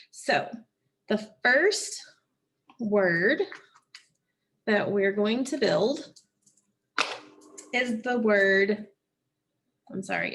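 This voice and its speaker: A woman teaching a phonics lesson, slowly and patiently sounding out words and syllables for children. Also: medium pitch.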